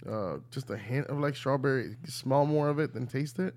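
Easygoing guy, mid pitch, teasing his buddies while tasting beers. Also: a little fast, a little mellow. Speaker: podcast co-host. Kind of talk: casual beer-tasting chat.

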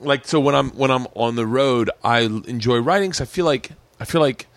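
Male host, mid-pitched, rambling anecdotes, dead-dry studio sound. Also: brisk, no room sound. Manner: rambling storyteller, voices others in quotes. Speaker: podcast host. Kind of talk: casual chat. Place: small room.

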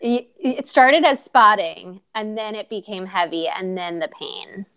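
Woman, interviewer, conversational, affirming, average pitch. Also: a little slow, fairly bright tone, smooth.

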